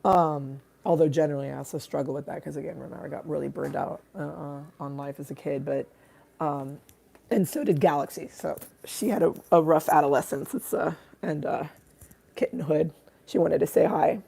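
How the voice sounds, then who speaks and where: Hoarse, raspy woman, low and gravelly, dark tone; rambling casual livestream host. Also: moderate pace. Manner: rambling, many fillers and restarts. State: hoarse from screaming. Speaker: artist hosting a livestream.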